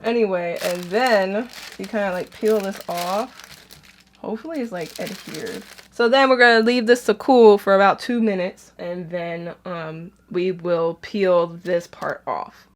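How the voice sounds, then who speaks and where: Speaking unhurriedly in a mid-range voice, a young woman at home walks viewers through making a DIY outfit step by step. It's a relaxed crafting vlog, full of casual chatter and self-directed laughter from this fashion vlogger.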